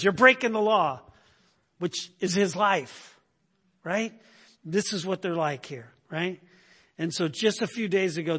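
A man's voice: high voice, fairly bright tone, slightly rough. A man preaching a sermon in a conversational way, often asking "right?" and acting out the people he quotes. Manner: acts out quoted speakers in raised voice. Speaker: pastor.

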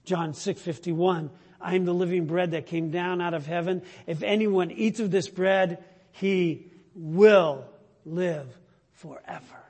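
A man preaching a sermon, slow and emphatic, rising to loud declarations and sinking to near-whispers. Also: high voice, steady tone, husky. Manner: slow, emphatic preaching that swells loud then drops to a hush. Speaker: pastor. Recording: long hall reverb.

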